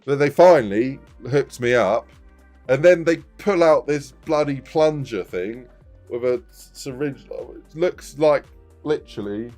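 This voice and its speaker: A man's voice: mid-range voice, unhurried, darkish tone, soft background music. A man in his thirties, casually telling a rambling anecdote on a live stream, laughing often.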